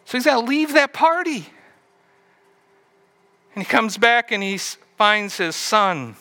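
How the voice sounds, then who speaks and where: A man's voice: high-pitched, sing-song, a little slow, sharp tone. A man preaching a sermon, retelling a story and asking the listeners questions along the way. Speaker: pastor.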